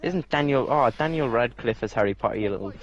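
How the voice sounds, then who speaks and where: Sweary lad gaming. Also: male voice, mid-range voice, lively intonation, quick pace, muffled recording. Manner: sweary, teasing, says mate constantly. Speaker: gamer. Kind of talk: casual gaming banter.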